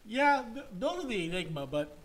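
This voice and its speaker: A man's voice: high-pitched, sing-song, normal speed, fairly bright tone. A man co-hosting a sports podcast, making crude jokes and stammering through restarts in casual banter. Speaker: podcast co-host.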